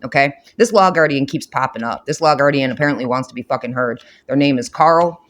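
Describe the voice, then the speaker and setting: A man's voice: mid-range voice, a little fast, fairly bright tone. A man giving a spiritual reading to camera, blunt and profane, with frequent repetition and emphatic outbursts. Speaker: tarot reader.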